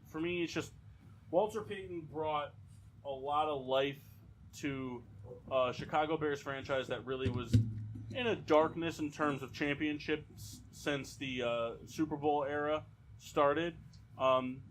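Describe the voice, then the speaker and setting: A man's voice: medium pitch, a little hiss or hum, low-quality recording. A man co-hosting a casual sports podcast, giving strong opinions with lots of fillers and restarts. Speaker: podcast co-host.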